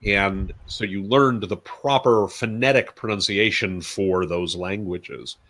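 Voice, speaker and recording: A man's voice: lowish voice, slow pace, fairly bright tone. A man co-hosting a casual panel show, friendly and rambling, laughing easily as he talks. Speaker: co-host.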